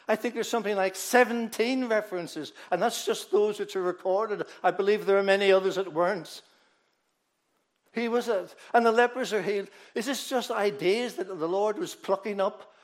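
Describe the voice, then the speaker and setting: Man, preacher, high voice, emphatic, loud then hushed, repeats words, sermon. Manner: emphatic, swings between loud proclamation and low quiet asides.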